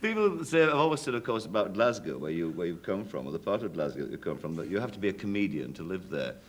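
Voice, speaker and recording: A man's voice: sits low, sing-song, quick pace. A man hosting a chat show, asking questions with hesitant repeated words. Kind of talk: interview questions. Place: television studio. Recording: noisy 1970s television audio.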